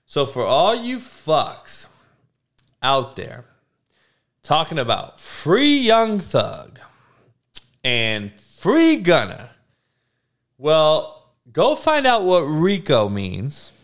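Profane, lively-pitched ranting man. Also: very slow, long pauses. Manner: profane, sarcastic, blunt, stammering restarts. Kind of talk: profane rant.

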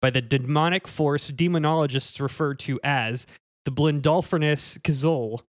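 Man playing a pompous demonologist, lecturing, dry close sound, slightly high voice. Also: normal speed, no echo, close to an everyday voice. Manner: mock-authoritative, lecturing, self-corrects. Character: pompous male podcast-owner demonologist, pedantic. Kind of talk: improvised comedy role-play.

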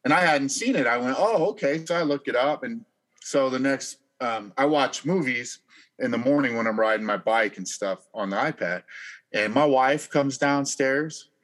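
A man hosting a podcast, telling stories in an animated, expressive way. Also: medium pitch, normal speed. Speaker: podcast host. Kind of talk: casual podcast storytelling.

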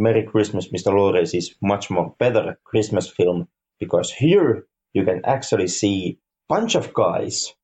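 A man co-hosting a podcast, reviewing a film in casual chat, halting and repeating words, with dry dark humor. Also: deep voice. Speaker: podcast co-host.

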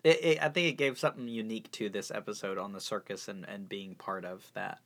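A man's voice: on the low side, a little fast. Easygoing man in casual podcast chat. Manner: relaxed, hesitant, many fillers. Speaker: podcast co-host. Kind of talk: casual chat recapping a TV episode.

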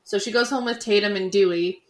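A woman talks through a film on a casual podcast with her co-host. Her delivery is relaxed and conversational. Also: mid-range voice, fairly quick. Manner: relaxed, conversational, frequent "like" fillers. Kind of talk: casual movie recap chat.

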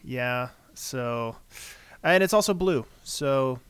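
A man's voice: medium pitch, expressive, slow, a bit bright, clear, resonant tone, dry recording. A man co-hosting a casual podcast, recapping a scene in a dry, understated way. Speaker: podcast co-host. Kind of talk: casual chat.

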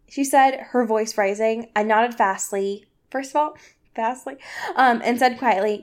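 A young woman with a slightly high voice hosts a casual podcast. She reads fan fiction aloud with theatrical flair, breaking into laughter and swearing freely. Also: measured pace. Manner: laughing, profane, dramatic read-aloud. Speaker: podcast co-host.

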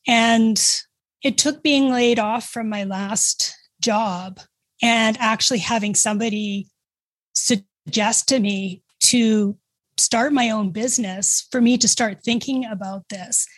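A woman with a Canadian accent, a guest who runs a pet care business, speaking in a measured, earnest, reflective way. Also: fairly high pitch, fairly even intonation, dry recording. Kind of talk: casual interview chat.

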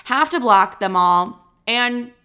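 A young woman with a bright, sharp voice chats alone on her podcast, rambling from one thought to the next. She swears freely and trips over her own words. She sounds wired on caffeine. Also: fairly high pitch, animated, takes it slowly, clean tone. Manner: rambling, chatty, swears often. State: highly caffeinated. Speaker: podcast host. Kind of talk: casual solo podcast chat.

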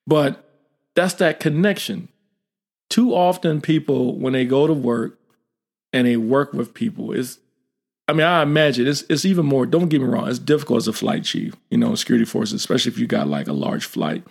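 A man's voice: medium pitch, normal speed, gravelly, husky. A man in a casual conversation, talking about leadership and acting out bits of quoted dialogue. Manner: animated, acts out quoted dialogue. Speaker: military leader. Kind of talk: casual podcast chat.

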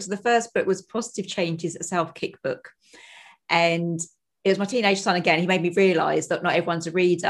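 A woman in her forties, a podcast guest and author, talking quickly and casually, acting out quotes in a higher voice and laughing often. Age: 40s. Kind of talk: casual conversation.

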